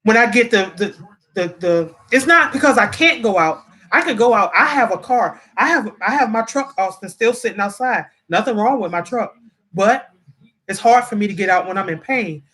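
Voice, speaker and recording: A woman livestreaming casually reads her comments in an animated, medium-pitched voice, a bit bright and at normal speed. She talks straight to her viewers, seems near tears, and frequently repeats herself.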